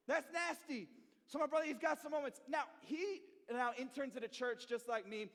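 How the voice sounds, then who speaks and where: A young man who interns at a church, telling a story to a youth group in an animated way and often checking in with "okay?" and "right?". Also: very high-pitched, a little fast, creaky. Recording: long reverb in a hall.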